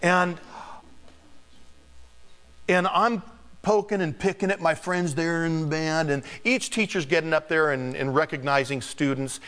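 A male pastor preaching, his voice pitched a little high for a man and ringing through a long hall reverb. He tells stories with lively energy and chuckles along the way. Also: measured pace, pauses often. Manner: animated, chuckling storyteller. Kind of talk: sermon with personal storytelling.

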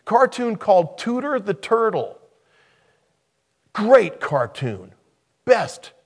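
A man preaching a sermon as a pastor, emphatic and repeating key phrases for weight. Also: high voice.

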